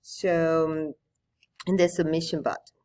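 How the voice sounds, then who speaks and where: A Spanish teacher with a deep, steady, somewhat dark voice speaks at a measured pace. At her computer, she patiently walks students step by step through an online tool in a screen-recorded tutorial.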